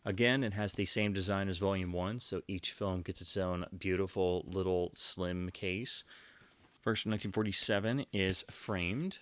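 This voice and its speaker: Deep-voiced, enthusiastic man unboxing. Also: fairly even intonation, normal speed, a bit bright, no echo. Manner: enthusiastic, heaps on superlatives. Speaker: collector presenting his purchases. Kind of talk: casual unboxing commentary.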